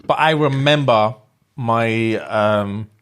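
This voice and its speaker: A man's voice: slow, clean tone. A young man, co-hosting a podcast in casual, slangy banter. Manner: animated, slangy, jumps into high mock voices. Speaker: podcast co-host.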